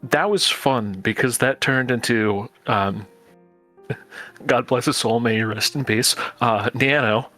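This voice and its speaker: A man who coaches voice-over, chatting casually and explaining things in a measured way. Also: medium pitch, pushed and bright, faint music behind. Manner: measured, explanatory, offers tips. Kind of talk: casual group chat.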